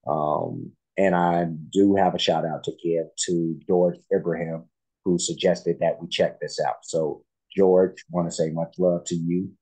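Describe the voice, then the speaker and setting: A man hosts a reaction video in a loose, rambling chat full of ums and restarts. His voice is very low and husky, with a dark, mellow tone. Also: steady tone, a little slow, poor audio. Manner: rambling, filler-heavy, friendly. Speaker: reaction channel host.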